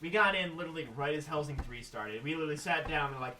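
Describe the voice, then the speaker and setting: A man co-hosting a podcast, telling convention stories in a casual, animated way and acting out the quotes. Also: fairly high pitch, fast, hardly any pauses, crowd noise. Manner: animated, laughing retelling with acted quotes. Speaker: podcast co-host. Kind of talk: casual storytelling chat. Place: room at an anime convention. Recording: roomy, noisy room recording.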